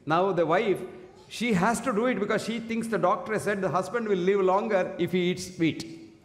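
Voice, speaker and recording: A man's voice: sits high, normal speed. Older man lecturing in an echoey hall. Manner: emphatic, rhetorical questions, quotes Sanskrit verses. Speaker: doctor giving a health talk. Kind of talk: public lecture. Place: lecture hall with a single mic. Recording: echoey hall with long reverb.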